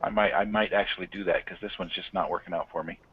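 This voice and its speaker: A man's voice: sits low, steady tone, fast talker, husky. A man, an amateur astronomer guest, talking frankly and self-deprecatingly about his equipment on a live stream. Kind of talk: casual live-stream chat. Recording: tinny phone-like call audio.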